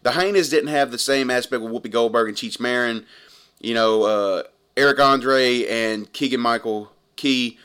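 A man's voice: mid-range voice, normal speed, fairly bright tone, smooth. An earnest man in his thirties talks through a film review in a casual, rambling way. He circles back to the same points, restarting sentences as he works through his thoughts. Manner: earnest, rambling, repeats himself. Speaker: movie reviewer.

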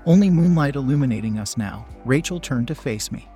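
A man narrating a first-person story aloud in a slow, hushed reading voice. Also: medium pitch, animated, soft background music.

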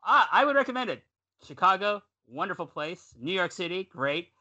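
A Canadian man co-hosts a podcast in a loose, chatty way. He rambles, backtracks and corrects himself. His voice is bright and very animated in pitch. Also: normal speed, highs cut off. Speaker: podcast co-host. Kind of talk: casual podcast chat.

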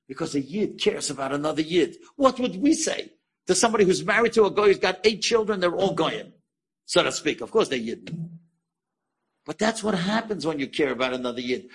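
A man telling an inspirational story as a sermon, animated and asking the listeners questions. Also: fairly high pitch, gravelly, breathy edge.

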